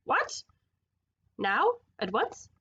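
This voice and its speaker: A woman's voice: fairly high pitch, animated, moderate pace, highs cut off, natural voice. Woman doing a nervous eager old horse. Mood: excited. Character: humble, excitable male cab horse, unsure of himself.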